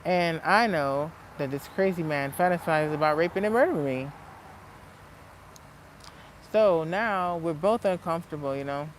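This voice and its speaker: A woman vlogging in a casual rant, blunt and profane, swinging between low muttering and loud heated outbursts. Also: normal speed, a little hiss or hum, rough recording. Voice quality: blunt, heavily profane street talk. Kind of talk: casual unscripted vlog rant.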